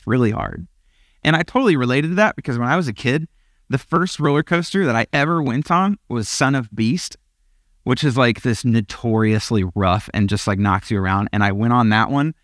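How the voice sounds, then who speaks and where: A man's voice: medium pitch, a bit bright, dry recording. Chatty young man preaching, dry close sound. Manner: chatty and self-deprecating, laughs often, goes off on tangents. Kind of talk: casual sermon with stories.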